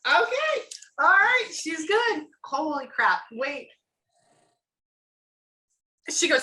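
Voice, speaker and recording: Chatty bright-voiced woman giving a reading. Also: high voice, sing-song, very slow, long pauses. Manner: chatty, acts out what she hears. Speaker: psychic medium. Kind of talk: psychic reading session. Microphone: camera or video call.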